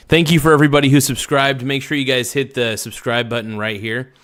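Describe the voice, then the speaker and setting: A man's voice: medium pitch, steady tone, normal speed, a bit bright, no room sound. A man hosting a casual livestream, reading viewer comments aloud and answering them in a rambling, blunt way. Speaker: livestream host.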